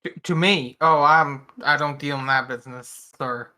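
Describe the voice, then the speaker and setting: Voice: mid-range voice, fairly even intonation, normal speed, sharp tone, close to an everyday voice. A game master voicing a polite, apologetic male animal merchant who is picky about buyers.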